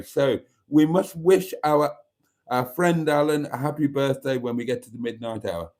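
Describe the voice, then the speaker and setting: A man's voice: medium pitch, normal speed, darkish tone. A man hosting a live stream, reading out viewer comments with wry, self-mocking asides. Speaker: channel host.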